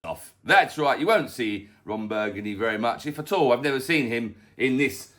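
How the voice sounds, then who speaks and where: A middle-aged man hosting a casual weather update from his bedroom, goofy and self-mocking, full of excitable jokes and asides. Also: mid-range voice, moderate pace. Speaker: weather vlog host. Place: bedroom at home.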